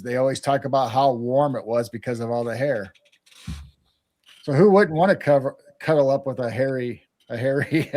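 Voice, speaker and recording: A man's voice: mid-range voice, darkish tone. Rambling, playful Midwestern man. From Midwestern United States. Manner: rambling, playful, repeats words while thinking. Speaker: co-host of a live chat stream. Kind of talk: casual late-night chat.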